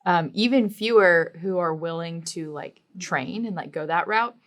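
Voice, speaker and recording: A woman's voice: fairly low pitch, unhurried. A woman co-hosting a casual podcast, explaining her points earnestly with frequent fillers. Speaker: podcast co-host.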